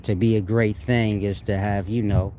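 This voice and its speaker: A man speaking straight to his viewers in a loose, slangy monologue. He laughs often and drifts from point to point, dropping into a low, unhurried preaching tone when he wants to make a point land. There is a faint bit of background noise behind him. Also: little pitch movement, warm tone. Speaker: online teacher reading viewer comments. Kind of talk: casual spoken monologue.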